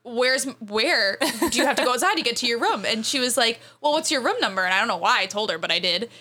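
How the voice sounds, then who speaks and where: Young woman, casual storytelling, animated and chatty, lots of "like" fillers, bright tense voice, fairly high pitch. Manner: animated, fast, frequent "like" fillers, laughing as she tells it.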